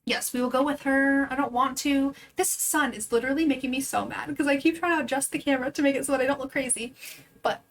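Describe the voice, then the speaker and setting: Young woman streamer, high voice, chatty and giggly, casual game commentary. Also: fairly even intonation, fast, rough recording. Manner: chatty, giggly, talking to chat.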